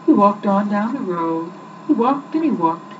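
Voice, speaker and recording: A woman reading a children's story aloud as a storyteller, in an expressive, lively way. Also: mid-range voice, a little slow. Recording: muffled distant recording with loud background hiss.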